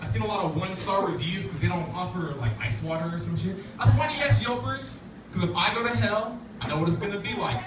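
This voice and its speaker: Over music, a fast-talking man with a high voice barely pauses while doing stand-up at an open mic. The setting is a laundromat café, and his talk is loose, profane and filler-heavy. It's a roomy, distant and noisy live recording, with the audience laughing and the room chattering.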